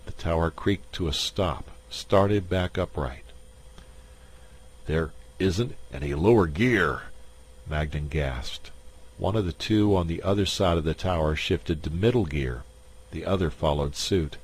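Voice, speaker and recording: A man reading a science fiction short story aloud in a measured narration. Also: deep voice, breathy edge. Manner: slow, measured.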